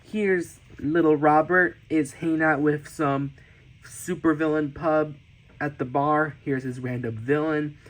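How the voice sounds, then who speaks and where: A man giving a casual tour of his sketchbooks, enthusiastic, often repeating and restarting, with sudden excited squeals. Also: fairly high pitch, measured pace, low-quality recording. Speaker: artist showing his sketchbooks.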